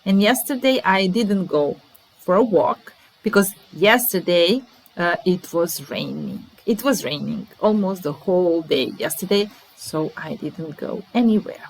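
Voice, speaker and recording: Slow, careful woman teaching English words. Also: fairly low pitch, animated, rough recording. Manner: slow, deliberate, repeats example sentences. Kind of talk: vocabulary lesson mixing English and Serbian.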